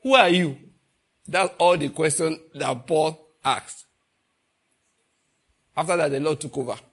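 A man's voice: a little high, unhurried, breathy edge. A man preaching a sermon, asking the congregation rhetorical questions and repeating phrases for emphasis.

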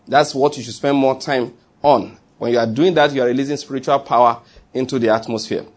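A man's voice: mid-range voice, steady tone, brisk. A man preaching a sermon as pastor, talking in a conversational way, repeating his key phrases and asking the congregation questions.

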